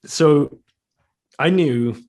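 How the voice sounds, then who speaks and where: A man's voice: a little high, extremely slow, a little mellow. A middle-aged man speaking as a podcast guest, candid and reflective, with self-deprecating laughs and frequent restarts. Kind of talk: casual interview talk.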